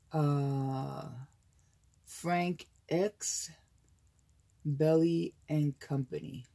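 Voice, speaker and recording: Older american lady unboxing craft papers, low husky voice, slow and gushy, lots of little gasps. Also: steady tone. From United States. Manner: gushing, gasping with delight. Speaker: crafting channel host. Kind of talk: casual unboxing chat.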